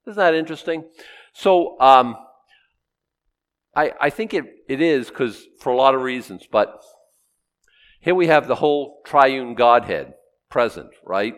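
Animated middle-aged male preacher. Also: mid-range voice, a little slow, pauses often. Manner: animated, conversational Bible teaching with sudden loud rises. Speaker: pastor. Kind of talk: sermon.

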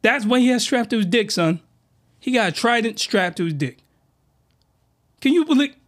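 A man hosting a comedy podcast, reviewing a comic in a slangy, rambling monologue with sudden shouted outbursts. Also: normal speed. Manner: animated, jumps into high-pitched shouted outbursts; slangy, rambling, with many restarts.

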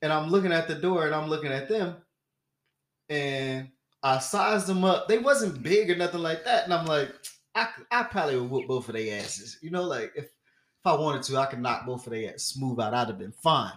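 A man's voice: on the high side, normal speed. A young man on a podcast, telling a story casually and acting out the other people's voices with lots of laughing. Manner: animated, acts out quoted voices, laughs often. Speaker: podcast co-host.

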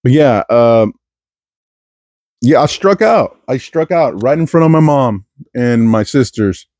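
A man's voice: mid-range voice, lively intonation, unhurried, darkish tone, dry recording. A young man from East Texas talking into a podcast mic in a crude, self-mocking monologue full of stumbling restarts. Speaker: podcast host. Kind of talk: rambling comedic monologue.

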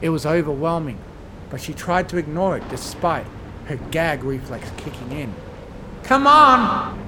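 A man reading a horror fan fiction story aloud with measured, dramatic storytelling. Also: a little high, noisy background.

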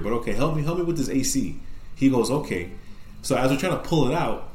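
A man's voice: medium pitch, roomy sound. Profane man telling a spooky story. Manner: profane, rambling, animated retelling. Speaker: podcast co-host. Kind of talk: casual storytelling.

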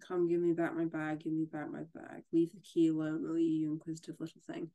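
A menacing, possessive masked man speaks, as a woman reads his lines from a gothic novel. The voice is low and flat with a dark, mellow tone. The lines are read aloud from the page, a little louder than her chat. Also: fairly quick, muffled recording.

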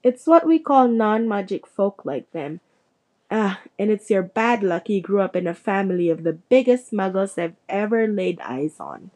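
Hagrid, a woman doing a gruff giant. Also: expressive, moderate pace, a little mellow, lightly acted. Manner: booming, indignant. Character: huge, gruff, good-hearted giant man.

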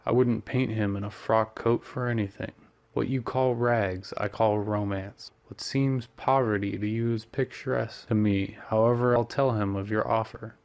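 A man's voice: on the low side, fairly even intonation, moderate pace, creaky, darkish tone. A man voicing a worldly, amused male painter who teases his friend and drops French phrases.

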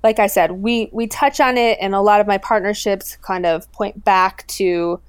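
A woman chats in a casual interview, earnest and eager, circling back with "you know" and restarts. Her voice is clear and smooth. It sits close and dry on the mic, with little room sound. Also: medium pitch, steady tone, normal speed, dry recording. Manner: earnest, enthusiastic, with frequent fillers and restarts. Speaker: guest, owner of a popular pet account.

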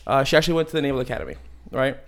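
A man's voice: mid-range voice, sing-song, very fast, vocal fry. A man in his thirties from Maryland, a podcast guest chatting casually with many fillers and laughs. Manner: rambling, lots of fillers and laughs. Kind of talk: casual interview chat.

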